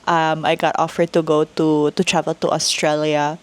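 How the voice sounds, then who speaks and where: A woman's voice: sits low, little pitch movement, moderate pace. A young woman with a Filipino accent, hosting a podcast and telling a personal story in an earnest, emotional, reflective way. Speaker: podcast host.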